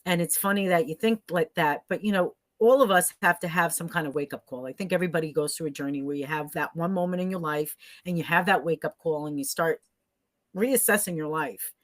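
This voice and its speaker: A woman's voice: low-pitched, fairly quick, dry recording. A middle-aged woman as a podcast guest, speaking earnestly and reflectively, often ending with "right?" and laughing easily. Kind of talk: conversational interview.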